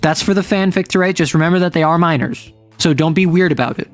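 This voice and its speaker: Chatty gm recapping a tabletop game, rambly, lots of "like", mid pitch voice. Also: quick pace, soft background music. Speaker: game master recapping a session.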